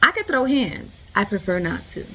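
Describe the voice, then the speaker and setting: Animated woman telling a storytime. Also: mid-range voice, normal speed, slight background noise. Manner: animated, slangy storytelling with lots of "like". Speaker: vlogger. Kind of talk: storytime vlog.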